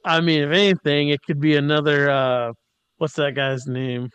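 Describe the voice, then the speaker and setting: A man's voice: a little high, flat delivery, normal speed, a bit bright, clear, resonant tone, dry recording, muffled recording. A man co-hosting a podcast, casually recapping an episode and jokingly mimicking the characters. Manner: jokey, mimics characters in quotes. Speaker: podcast co-host.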